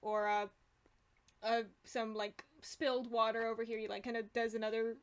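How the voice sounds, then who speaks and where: A woman's voice: on the high side, level tone, normal speed. Woman game master narrating loosely. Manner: loose, filler-heavy narration.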